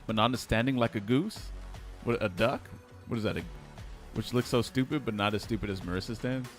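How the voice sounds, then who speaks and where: A man's voice: mid-range voice, brisk, soft background music. A man streaming and chatting casually, laid-back and joking, swearing now and then. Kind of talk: casual live-stream chat.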